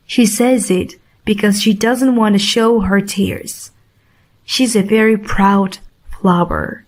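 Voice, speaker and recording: A woman reading a storybook audiobook aloud for learners in a clear, measured way. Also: medium pitch, steady tone. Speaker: audiobook reader. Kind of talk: slow storybook narration for learners.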